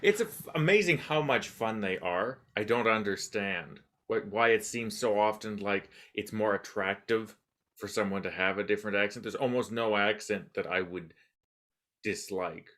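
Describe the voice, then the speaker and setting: Male podcast host, lowish voice, thinks aloud, wanders then wraps up with a shrug. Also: normal speed, a bit bright. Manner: musing, self-deprecating, trails off with "but anyway". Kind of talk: casual interview chat.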